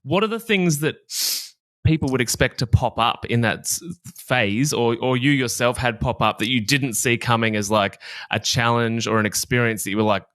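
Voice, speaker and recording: A man's voice: mid-range voice, moderate pace, a bit bright, dry recording, studio quality. A man hosting a podcast, asking long, rambling questions and encouraging his guest. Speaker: podcast host. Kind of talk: podcast interview.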